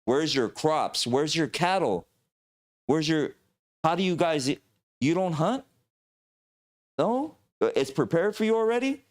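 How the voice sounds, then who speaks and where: A bewildered indigenous warrior from centuries ago, as a man puts him on, firing off one astonished question after another. His voice jumps well above an ordinary man's speaking pitch. It stays shocked and disbelieving throughout. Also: animated. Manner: incredulous rapid questioning.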